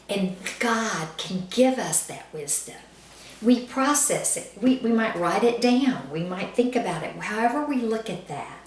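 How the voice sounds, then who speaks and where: A woman giving a calm, reflective church devotional, repeating phrases in a meditative way. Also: medium pitch, unhurried, recorded from a distance, a little hiss or hum. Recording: echoey room, voice off-mic.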